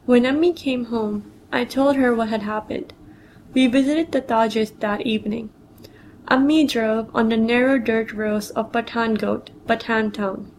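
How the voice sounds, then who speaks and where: A woman's voice: fairly high pitch, fairly even intonation, unhurried, darkish tone, slight background noise, low-quality recording. A woman reading a personal memoir story aloud, telling it plainly and quoting others in her own voice.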